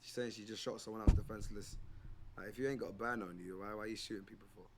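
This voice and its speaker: A man's voice: fairly low pitch, steady tone, very fast. A man giving rambling, blunt commentary on the contestants. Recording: noisy background.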